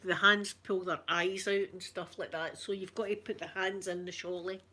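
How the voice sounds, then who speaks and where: A woman's voice: lowish voice, steady tone, moderate pace, sharp tone, slight background noise. A middle-aged Scottish woman, an ASMR streamer chatting casually, telling rambling stories and reading out viewer comments. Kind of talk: casual live chat.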